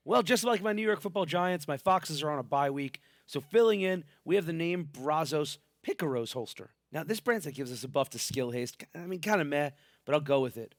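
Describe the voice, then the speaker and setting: A man's voice: on the high side, expressive, moderate pace, no room sound, studio quality. A man hosting a game build video, talking in a hyped, playful, slangy way, with a sick voice. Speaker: gaming channel host. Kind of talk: casual game build commentary.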